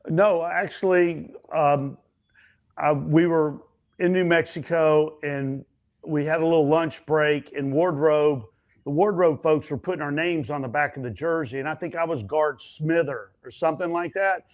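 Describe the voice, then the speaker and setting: Storytelling stuntman with a higher voice. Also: unhurried, highs cut off. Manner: animated anecdotes, acts out other people's lines; frequent fillers and restarts. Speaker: stuntman and actor, interview guest. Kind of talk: casual storytelling interview.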